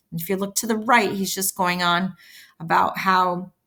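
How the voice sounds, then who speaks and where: A woman with a fairly low voice is teaching a play. She reads its lines aloud with some energy, then breaks off to explain them in simple, everyday words. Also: normal speed. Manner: switches between plain explaining and lively line reading.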